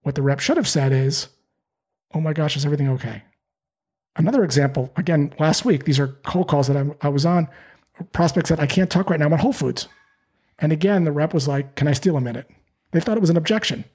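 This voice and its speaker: A man with a fairly high, husky voice talks through sales advice. He is animated and slips into playful voices when he acts out calls. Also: fast. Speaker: sales trainer. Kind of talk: podcast interview answers.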